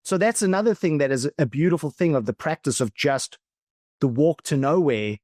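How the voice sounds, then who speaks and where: A man from South Africa, a philosophical coach, talking as a podcast guest in a thoughtful, reflective way that often slows down and stretches words. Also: on the high side, darkish tone, no room sound, studio quality. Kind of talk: reflective conversational talk.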